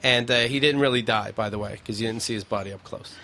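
Bright-voiced man telling a story. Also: fairly low pitch, fast talker. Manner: profane, animated storytelling with acted-out movie scenes. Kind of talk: casual chat.

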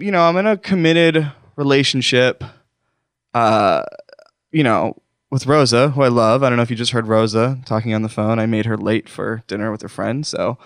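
A man's voice: mid-range voice, fairly bright tone, clean tone, no echo, clean studio sound. A man hosting a comedic call-in show, talking in a rambling, self-deprecating, mock-wounded way.

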